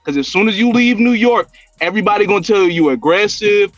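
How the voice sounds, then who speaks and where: A man's voice: sits high, animated, brisk, fairly bright tone, no room sound, lo-fi sound, soft background music. A man co-hosting a podcast, arguing bluntly in casual chat. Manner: blunt, argumentative, repeats himself. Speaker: podcast co-host.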